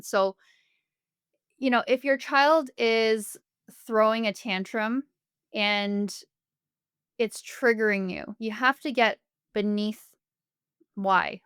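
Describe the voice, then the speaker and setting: A woman's voice: medium pitch, fairly bright tone, smooth, no room sound, studio quality. A woman speaking as a family therapist guest on a podcast interview, explaining earnestly with everyday examples.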